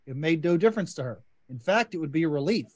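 A man's voice: on the high side, lively intonation, fast, darkish tone. A man hosting a podcast, enthusiastically discussing a short story and guiding the talk with questions. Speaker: podcast host. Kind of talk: casual literary discussion.

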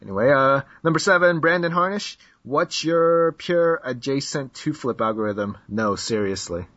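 A man's voice: mid-range voice, expressive, normal speed, a bit bright, no echo. A man hosts a casual podcast, reading questions and teasing his guest. His voice sits in a middle register. The recording is dry and somewhat dull. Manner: joking, teasing, laughs often. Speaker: podcast host. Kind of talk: casual chat.

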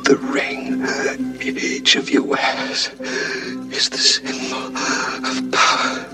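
An actor playing an ancient, dying male warlock who reads his will in a gurgling, gravelly voice, heard from an old film soundtrack. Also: mid-range voice, full character voice. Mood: solemn menacing. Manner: slow solemn monotone intoning. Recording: echoey old film soundtrack with loud music.

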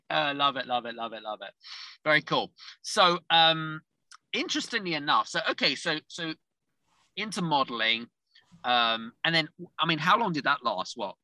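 Bright, lively-voiced male podcast host. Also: fairly high pitch, a little slow, long pauses, no room sound. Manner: jokey, laughs easily, chatty. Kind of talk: casual interview chat.

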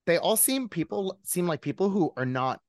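A man's voice: sits high, lively intonation, moderate pace, no room sound, clean studio sound. A man hosting a podcast in casual chat, chatty and profane, laughing often. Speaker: podcast host.

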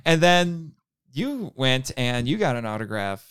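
A man's voice: mid-range voice, measured pace, clean tone, no echo, studio quality. A man from Indiana co-hosting a podcast, telling stories in casual chat, laughing often and acting out what people said. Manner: animated storyteller, laughs often, acts out quotes. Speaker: podcast co-host.

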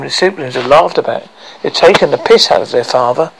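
A man narrating a horror story in a measured, dramatic way. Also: mid-range voice, creaky, a little hiss or hum, poor audio.

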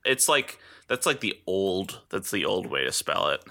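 A man co-hosting a podcast in a loose, joking way, full of stops and restarts. His voice is very bright and edgy and sits lower than most men's. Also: sing-song, normal speed, creaky. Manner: joking, hesitant fillers. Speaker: podcast co-host. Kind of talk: casual chat.

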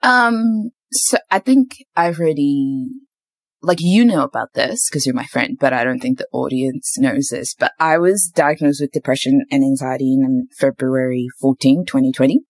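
Very low-voiced young woman. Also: moderate pace, dry recording. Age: young adult. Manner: candid, faith-filled storytelling with lots of fillers. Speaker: podcast host. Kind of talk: casual chat.

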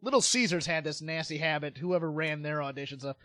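Man, podcast host, rambling storyteller, slightly high voice, dry close sound. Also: brisk, a bit bright, no echo. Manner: chatty storyteller, laughs often, frequent restarts. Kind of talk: casual chat.

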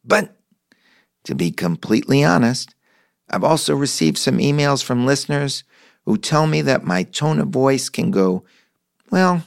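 A middle-aged man hosts a podcast and reads the sponsor spots as enthusiastic stories. His voice is gravelly and swoops up and down, and he takes his time. The sound is dry and close. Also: mid-range voice, no room sound. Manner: enthusiastic storyteller. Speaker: podcast host. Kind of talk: conversational host reading ads.

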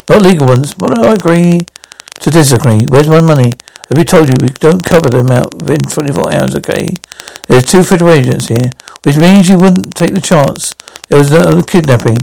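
A man's voice: on the high side, vocal fry, darkish tone, a little hiss or hum, low-quality recording. An actor playing a tense, confrontational man in a TV crime drama, demanding his money.

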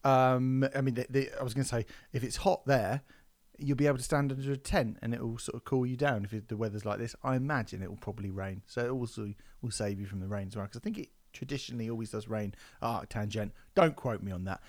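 Animated man hosting a podcast. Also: mid-range voice, fast. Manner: animated, swearing, mock-outraged storytelling. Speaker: podcast host. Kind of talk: casual podcast chat.

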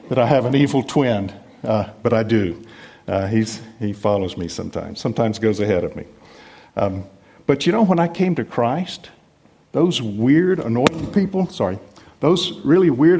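A middle-aged man from the United States preaching a sermon in a conversational, self-deprecating way with lively emphasis. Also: medium pitch, breathy edge. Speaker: pastor.

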